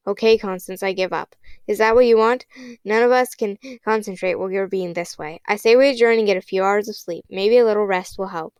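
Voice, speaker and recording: A woman reading the part of a calm, level-headed boy who speaks soothingly. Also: medium pitch, fairly quick, smooth, no room sound, lightly acted.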